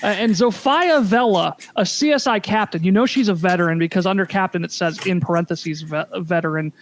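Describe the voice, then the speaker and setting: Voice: medium pitch, brisk, a little hiss or hum. A game master narrating a tabletop game, hesitant and full of fillers and restarts.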